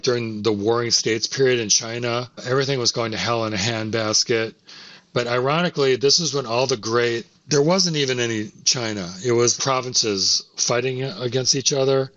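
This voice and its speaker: A man's voice: medium pitch, a bit bright, dry recording, dull audio. A man co-hosting a podcast, explaining history at length in a casual, talkative way. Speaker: podcast co-host. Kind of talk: casual chat.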